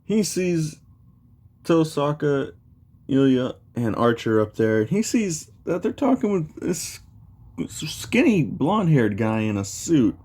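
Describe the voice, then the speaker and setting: A man's voice: on the high side, sing-song, slow, a little mellow. A young man casually retelling a fan story, rambling with lots of fillers. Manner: rambling, many fillers like "you know".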